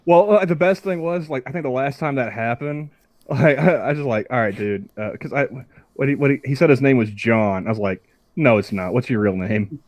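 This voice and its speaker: A man's voice: mid-range voice, brisk, a little mellow, no room sound. A man in casual podcast chat, laid-back and joking, saying "dude" and "like" a lot. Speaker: podcast co-host.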